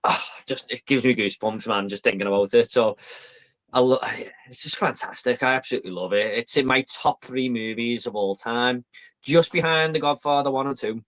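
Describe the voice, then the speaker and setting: A man's voice: mid-range voice, fairly quick, a bit bright. A man hosting a casual podcast chat, talking enthusiastically and rambling with fillers. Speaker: podcast host.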